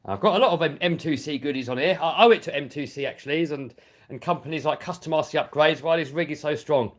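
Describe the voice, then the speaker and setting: An RC hobby YouTuber with a British accent reads live chat comments aloud as he works on a radio-controlled car, laughing easily throughout. His slightly high voice moves at a quick pace.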